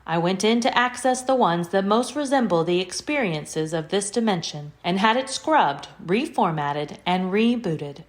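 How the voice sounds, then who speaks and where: A woman's voice: medium pitch, animated, unhurried, hardly any pauses, close to an everyday voice. A woman voicing a literal, formal female AI computer in an audio drama, with precise diction and no contractions. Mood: calm.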